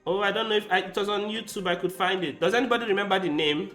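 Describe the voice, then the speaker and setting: A man's voice: high voice, fast talker, few pauses, fairly bright tone. A man chatting casually with his livestream viewers, rambling and speaking straight to them. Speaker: chess streamer. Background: faint background music.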